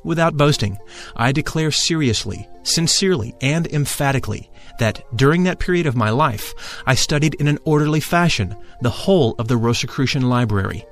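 Male audiobook narrator, mid-pitched, solemn and emphatic, faint music bed. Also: expressive, a little fast. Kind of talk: solemn first-person book reading.

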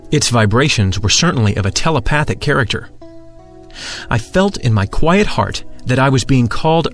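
Man calmly narrating a spiritual text. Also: medium pitch.

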